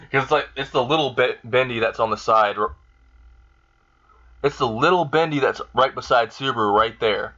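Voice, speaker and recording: A man's voice: medium pitch, normal speed, pauses often, sharp tone, highs cut off. A young man casually retelling an improvised fan story, rambling with lots of fillers, restarts and swearing.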